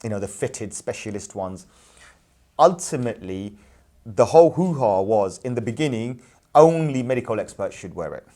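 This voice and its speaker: Businessman host, casual chat, emphatic and animated, keeps repeating his points. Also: mid-range voice, normal speed. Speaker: businessman and parent, show host. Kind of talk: casual discussion.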